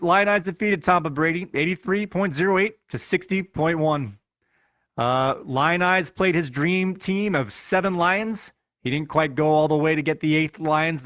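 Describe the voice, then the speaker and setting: A man's voice: on the high side, fairly bright tone, dry recording, studio quality. A man with a Chicago accent hosting a podcast, playfully reading through fantasy football scores in a running recap. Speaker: podcast host.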